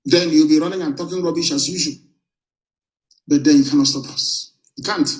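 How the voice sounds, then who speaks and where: A man from southeastern Nigeria, a movement leader, gives a defiant, combative political broadcast address in a slightly raised voice. His voice is a little high and steady in tone, and he speaks briskly. A roomy echo suggests a bare room.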